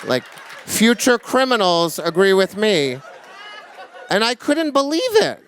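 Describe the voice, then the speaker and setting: A man in his forties telling a true story live on stage into a microphone, swinging from loud indignation to hushed reflection. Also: high-pitched, sing-song, takes it slowly, a little hiss or hum.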